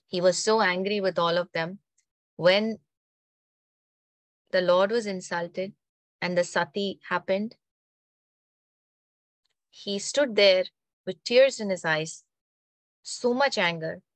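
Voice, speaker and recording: A spiritual storyteller, a woman with a lowish voice, tells stories about mythology in an animated, conversational way. She keeps tagging her lines with "right?", and the recording is dry.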